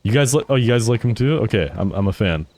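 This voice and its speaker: A man's voice: fairly low pitch, expressive, quick pace, darkish tone. A man streaming a game, chatting casually with his chat, laughing often and swearing freely. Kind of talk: casual live-stream chat while gaming.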